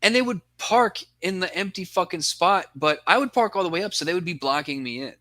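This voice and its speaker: Young guy podcast cohost, bright voice, dry close sound, rambling yarn full of swearing. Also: high-pitched, animated, fairly quick, dry recording. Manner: rambling storytelling, heavy swearing. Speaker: podcast co-host. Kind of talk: casual chat.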